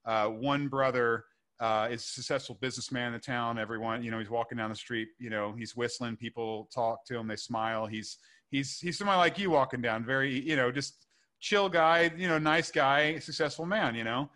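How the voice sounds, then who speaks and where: Guest author, man, bright tense voice, earnest and rambling. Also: medium pitch, a little fast. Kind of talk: casual podcast conversation.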